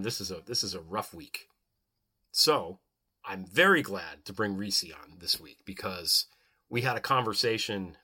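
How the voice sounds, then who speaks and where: A man's voice: lowish voice, sharp tone, breathy edge. A man hosting his podcast, speaking earnestly and emphatically, sometimes rambling as he interviews a guest. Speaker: podcast host.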